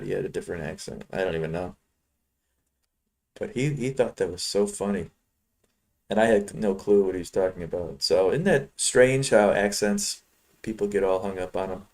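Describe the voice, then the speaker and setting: A man's voice: on the low side, a little mellow. A man from Chicago talking casually to his viewers while trading futures, rambling between trades. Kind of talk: casual live-trading commentary.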